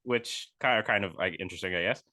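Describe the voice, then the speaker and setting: A man's voice: low-pitched, quick pace, sharp tone. A man co-hosting a casual sports podcast, talking in rambling runs full of fillers and restarts. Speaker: podcast co-host.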